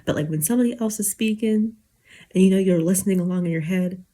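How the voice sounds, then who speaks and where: A woman's voice: mid-range voice, fast talker, mellow. A woman in her twenties ranting casually to camera late at night, rambling with lots of fillers and holding back tears as she gets emotional. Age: 20s. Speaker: YouTuber.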